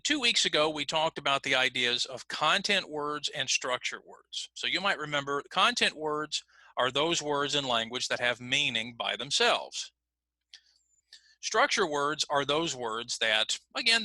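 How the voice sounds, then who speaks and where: A man teaching an online pronunciation class, patient and repetitive, slowly modeling phrases for learners to repeat. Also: mid-range voice, bright, forceful tone, dry recording. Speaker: ESL teacher.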